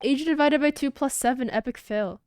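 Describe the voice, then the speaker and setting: A young woman streaming a game, making sarcastic, quick, casual asides. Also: high-pitched, a little mellow, faint music behind.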